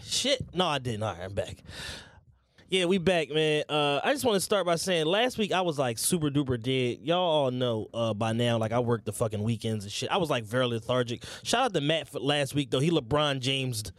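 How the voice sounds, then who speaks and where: A man's voice: mid-range voice, animated, brisk, no echo, studio quality. A young man co-hosting a podcast in casual chat, joking and laughing often. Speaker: podcast co-host.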